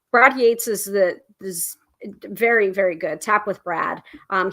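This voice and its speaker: A woman's voice: medium pitch, pushed and bright. A woman hosting a livestream, talking in a chatty, rambling way that often interrupts itself. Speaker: host. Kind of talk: casual livestream chat.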